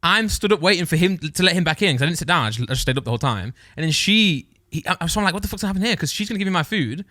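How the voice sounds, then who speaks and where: A man's voice: a little high, expressive, very fast, few pauses, pushed and bright, no room sound, clean studio sound. A young man telling a rambling story on a podcast, often breaking off and laughing as he goes. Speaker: podcast co-host. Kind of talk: casual storytelling chat.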